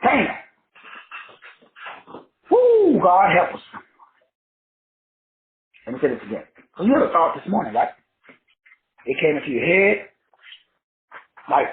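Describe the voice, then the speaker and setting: A high-voiced man teaches a motivational class, his pitch leaping all over as he preaches with profanity and rhyming riffs. The sound is thin and phone-like, in a room with a lot of echo. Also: huge pitch swings, unhurried, gravelly, pauses often. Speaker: self-styled teacher called Doc.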